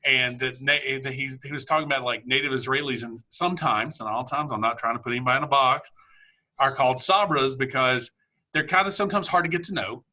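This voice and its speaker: A man's voice: mid-range voice, fast talker, sharp tone. A man hosting a casual conversation, telling a story in a rambling way with many restarts. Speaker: podcast host.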